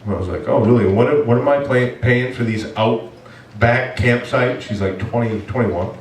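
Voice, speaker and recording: A man preaching as pastor, telling a story in an animated, self-mocking way and acting out his own complaints. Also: mid-range voice, moderate pace, slight background noise. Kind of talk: storytelling sermon. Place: church hall. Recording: echoey room from far off.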